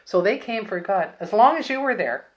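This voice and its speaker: A woman's voice: medium pitch, lively intonation, a little fast. An older woman from Canada, an interview guest, explaining and recalling the past in a matter-of-fact way. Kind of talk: reminiscing storytelling.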